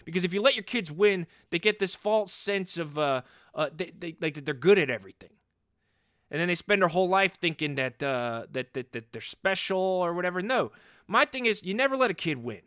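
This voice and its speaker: A man in his forties, a podcast host in character, plays a hot-headed, overcompetitive sports dad in an improvised comedy monologue, worked up, boastful, rambling, and repeating himself. His voice sits high and fairly bright, with lively intonation and a fairly quick pace. The sound is studio quality with no echo.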